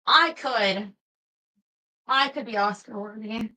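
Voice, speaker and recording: A woman's voice: fairly high pitch, slow, pushed and bright, low-quality recording. A young woman streaming live, chatting casually with her viewers, laughing often and reading out their comments. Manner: chatty, giggly, reads chat aloud.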